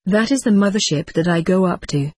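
A woman plays a self-assured young woman who seems wise beyond her years, in a spoken story. The voice is breathy. The sound is dry and close. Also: on the low side, a little fast, darkish tone, no room sound. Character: young part-Navajo woman, wise and triumphant.

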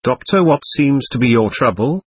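A man reading the part of a calm, patient male doctor who explains things to a spirit, in a husky voice. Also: medium pitch, normal speed, dry recording, clean studio sound.

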